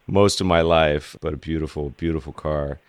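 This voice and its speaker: A male podcast host reacting with relaxed enthusiasm and closing the show. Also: extremely low pitch, moderate pace, clean tone, no room sound. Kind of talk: casual interview.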